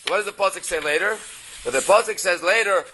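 Man, Torah teacher, high bright voice, reads and translates texts, rhetorical questions. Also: fast, slight background noise. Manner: reads Hebrew phrases then translates into English; explanatory, asks rhetorical questions. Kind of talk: text-based religious class.

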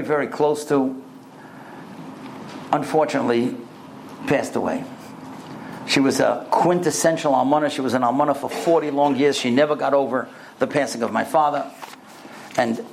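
Man, storytelling sermon, animated, fairly high voice. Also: slight background noise. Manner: animated storyteller, rising high on quoted verses. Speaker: speaker giving a Torah talk.

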